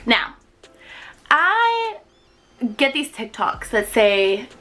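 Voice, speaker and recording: A woman in her twenties chatting excitedly to camera about books she loves, with lots of fillers. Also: fairly high pitch, very slow, low-quality recording. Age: 20s. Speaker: book vlogger. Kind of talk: casual chat to camera.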